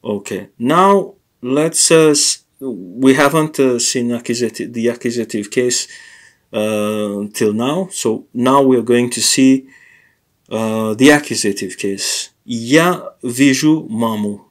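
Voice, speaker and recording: Explaining grammar during a language lesson, this medium-pitched man stumbles along with many pauses and fillers, often correcting himself.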